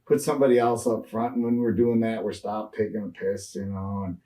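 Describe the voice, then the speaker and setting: A man's voice: on the low side, flat delivery, brisk, mellow, distant mic, poor audio. A man in his sixties, a retired wrestler, rambling through road stories in a shoot interview with lots of fillers and restarts.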